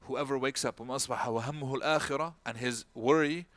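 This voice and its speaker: Storytelling imam, mixing in Arabic words. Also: male voice, medium pitch, rapid-fire, a bit bright, dry recording. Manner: storytelling, acts out quoted people in raised voice; sprinkles Arabic words and phrases. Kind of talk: talk-style religious lecture.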